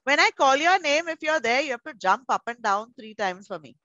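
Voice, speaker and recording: Lively high-voiced woman teaching preschoolers. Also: fairly quick, no room sound, lo-fi sound. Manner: animated, playful and coaxing with small children. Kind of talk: teaching young children in an online class.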